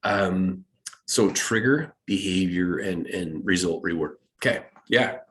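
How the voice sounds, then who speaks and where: American man, middle-aged, guest speaker, playful and animated, low voice. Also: slow pace. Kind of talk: casual talk to students.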